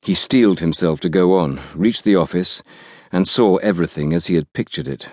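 A man reading an audiobook thriller aloud in a measured, dramatic storytelling manner. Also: low voice, darkish tone, no room sound, studio quality. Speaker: audiobook narrator. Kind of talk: scripted narration.

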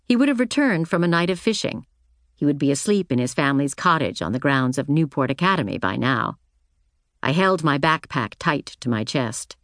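A woman narrating an audiobook in the first person, with a measured, reflective reading. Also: sits low, lively intonation, dry recording, clean studio sound.

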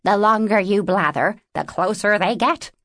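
A woman voicing a sharp-tongued young male raven in an audiobook, with a raspy, clipped delivery. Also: mid-range voice, moderate pace, no room sound, clean studio sound, lightly acted. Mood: mocking.

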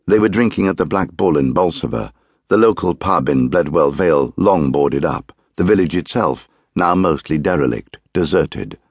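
Man, audiobook narration, very deep voice, measured, grave, dry close recording. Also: lively intonation, no room sound. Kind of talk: scripted narration.

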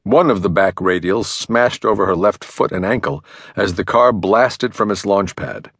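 A man narrating a thriller audiobook with a dramatic, expressive reading. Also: on the low side, moderate pace, no room sound. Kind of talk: scripted narration. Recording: dry studio recording.

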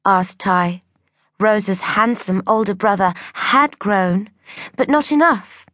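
A woman narrating a children's audiobook in a measured, gentle storytelling manner. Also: medium pitch, expressive, no echo, studio quality. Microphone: studio microphone.

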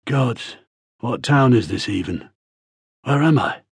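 A big, hungover mercenary , voiced by a male narrator, growls and mutters in a husky voice. The sound is dry and close. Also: medium pitch, expressive, slow pace, no echo, exaggerated voice. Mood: groggy.

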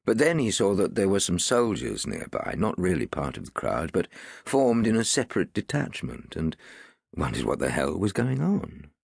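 A man narrating an audiobook in an expressive, wide-ranging storytelling manner. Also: low voice, moderate pace, gravelly, breathy edge, no echo, studio quality. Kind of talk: scripted narration.

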